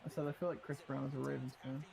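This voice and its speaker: A man chatting on a game stream, dropping dry, deadpan quips. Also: medium pitch, racing, vocal fry, rough recording. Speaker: co-host friend on stream. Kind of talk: casual chat.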